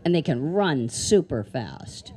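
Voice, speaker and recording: A woman's voice: low voice, sing-song, slow pace, warm tone. A woman presenting animals at a live children's show, chatty and playful, asking the kids lots of questions. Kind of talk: live educational talk to kids. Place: outdoor amphitheater.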